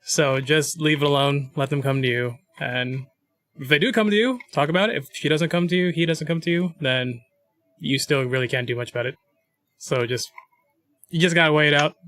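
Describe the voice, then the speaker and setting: A man's voice: fairly high pitch, brisk, a bit bright. A man co-hosting a casual advice livestream, reading questions and giving earnest, rambling advice.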